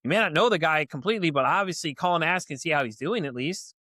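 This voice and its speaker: A man's voice: a little high, expressive, fast talker, pushed and bright, dry recording. A middle-aged man hosting a podcast, telling a story in a rambling, casual way, full of "you know" and "like", acting out what people said. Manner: rambling, lots of "you know" and "like", acts out quotes. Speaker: podcast host.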